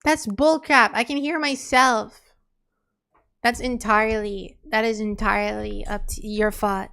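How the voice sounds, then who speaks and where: A woman's voice: medium pitch, fairly even intonation, unhurried, creaky, bright, forceful tone, clear, resonant tone. A woman streaming live, chatting casually and exasperatedly with her viewers in a rambling way. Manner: exasperated, rambling, talks to chat.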